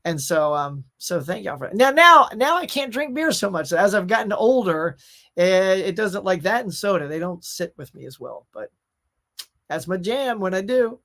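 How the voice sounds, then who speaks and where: Man with a high voice, chatty pop culture host, rambling, lots of ums. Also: very animated, moderate pace, sharp tone. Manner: chatty, rambling, with laughs and many fillers. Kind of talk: casual live chat reading viewer comments.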